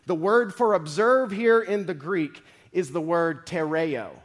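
Brief: male pastor, slightly higher voice, preaches with big swings between loud and hushed. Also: a little slow. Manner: dramatic scripture reading. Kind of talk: sermon.

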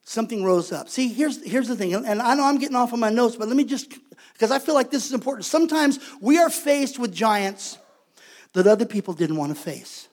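A man's voice: very high-pitched, expressive, a little fast, darkish tone. A man preaching a sermon as pastor, conversational and emphatic, repeating his points for weight.

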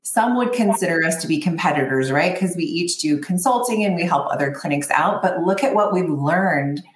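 A woman's voice: fairly low pitch, lively intonation, normal speed. A woman, a consultant co-hosting a podcast, speaking sincerely and reflectively in casual chat. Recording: echoey room with faint ambient noise.

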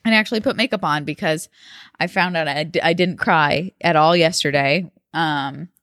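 Low-voiced woman in casual podcast chat. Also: normal speed, fairly bright tone, no echo, studio quality. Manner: laughs often, rambling with fillers. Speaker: podcast co-host.

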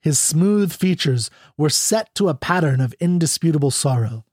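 A man narrating a classic short story in a measured, expressive audiobook reading. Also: fairly high pitch, slightly rough, no room sound, clean studio sound.

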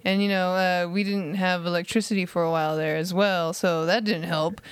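A woman co-hosting a casual podcast, relaxed, laughing often and talking with many fillers. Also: fairly low pitch, normal speed, clear, resonant tone, dry recording. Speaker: podcast co-host. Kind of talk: casual chat.

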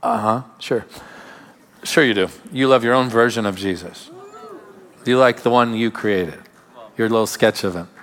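A man preaching a sermon as pastor, emphatic, with sudden drops to quiet asides. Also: mid-range voice, moderate pace, pauses often. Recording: long hall reverb.

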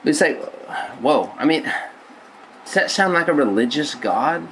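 A man's voice: fairly high pitch, expressive, a little slow, fairly bright tone, slight background noise, poor audio. A male pastor giving a conversational sermon, rambling with many restarts and repeated words.

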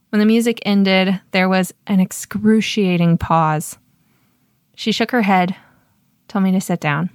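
A woman's voice: medium pitch, dry recording, clean studio sound. Woman host narrating her own story. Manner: measured, self-deprecating storyteller. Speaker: podcast host. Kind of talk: scripted personal storytelling.

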